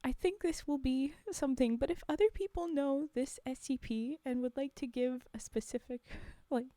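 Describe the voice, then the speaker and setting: A woman's voice: high-pitched, normal speed, warm tone, no echo, studio quality. A young woman streaming live, chatting casually and rambling with frequent giggles.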